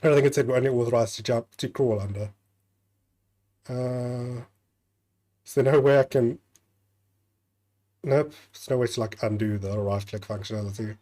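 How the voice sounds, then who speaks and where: A man's voice: mid-range voice, moderate pace, long pauses, mellow. A man streaming a game, chatting casually, reading on-screen text aloud and swearing now and then. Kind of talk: casual gameplay commentary.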